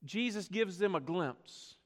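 Earnest high-voiced preacher in a reverberant hall. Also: male voice, animated, slow pace. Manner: earnest, swells and drops, rhetorical questions. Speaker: pastor. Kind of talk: sermon.

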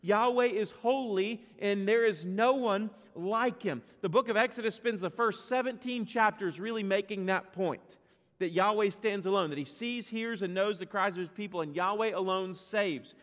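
Male pastor, high voice, chatty preaching with jokes; long church reverb. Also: fairly bright tone. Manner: conversational preaching with playful asides. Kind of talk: sermon. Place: church sanctuary.

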